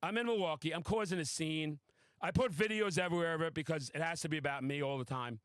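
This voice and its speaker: Man, podcast host, high voice, excitable, boastful, profane, casual chat, dry close sound. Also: quick pace, no echo.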